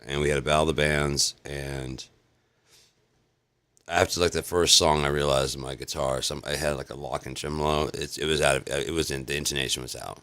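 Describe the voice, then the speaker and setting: A man's voice: little pitch movement, fairly quick, fairly bright tone. A man hosting a casual vlog, telling a long rambling story full of swearing and restarts. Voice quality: very deep gravelly voice. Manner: rambling, profane, restarts often. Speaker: vlog host.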